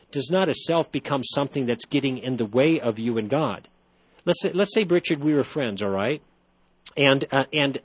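A man's voice: mid-range voice, husky, dry recording. A man hosting a call-in radio talk show, explaining ideas thoughtfully with frequent restarts.

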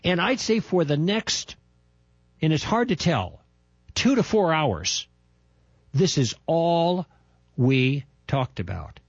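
An older man telling a personal testimony in an emphatic, animated storytelling manner, with a husky voice. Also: fairly high pitch, takes it slowly, long pauses, dry recording, muffled recording. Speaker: testimony speaker.

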